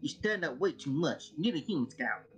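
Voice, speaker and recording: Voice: medium pitch, big pitch swings, a little fast, fairly bright tone, soft background music, low-quality recording. A streamer casually speaking a game character's lines, thinking aloud and tripping over words. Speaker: player choosing dialogue. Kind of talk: role-playing dialogue on a game stream.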